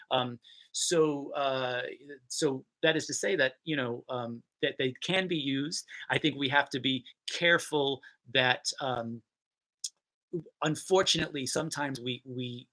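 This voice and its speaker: A man from Rhode Island who teaches theatre, answering viewer questions in a casual talk, thoughtful and halting, with many fillers and restarts. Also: mid-range voice, bright, forceful tone, low-quality recording. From Rhode Island, USA.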